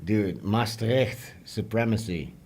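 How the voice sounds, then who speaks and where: Low-voiced livestreamer joking around. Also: male voice, slow pace, darkish tone. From Netherlands (Limburg). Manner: loose, joking, switches into Dutch and German. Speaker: livestream host. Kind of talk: casual livestream chat with viewers.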